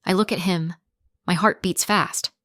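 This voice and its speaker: Woman narrator, graded reader, very slow, lowish voice, dry close sound. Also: steady tone, fairly bright tone, no echo. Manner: simple short sentences, clear and deliberate.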